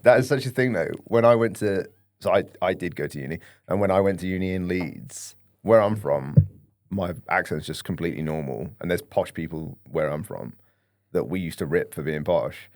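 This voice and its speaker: A man's voice: low voice, moderate pace, hardly any pauses, a little mellow, no room sound, studio quality. A man in his thirties with a southern English accent, a fitness coach who talks reflectively and laughs easily as a podcast guest. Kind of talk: casual podcast chat.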